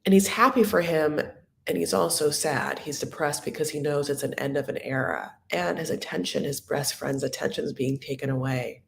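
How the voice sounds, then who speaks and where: A woman's voice: deep voice, normal speed, gravelly. A woman hosting a live reality TV recap, chatting in a campy, gossipy way, full of "like" and "honey". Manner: chatty and campy, calls viewers honey and my loves; rambling, full of likes and restarts.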